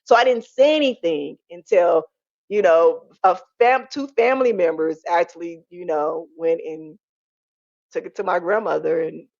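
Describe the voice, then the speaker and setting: A woman's voice: lowish voice, moderate pace, vocal fry, no echo. A woman tells her story freely, jumping into the voices of the people in it. The sound is dry and a little dull, with no room around her voice. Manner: animated, acts out quoted family voices. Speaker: guest. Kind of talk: candid interview storytelling.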